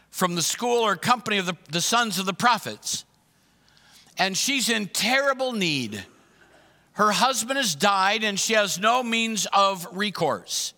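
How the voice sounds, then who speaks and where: Bright, high-voiced man preaching. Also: animated, measured pace, pauses often, long reverb tail. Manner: emphatic preaching, repeats questions, acts out voices of others. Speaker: pastor. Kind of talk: sermon.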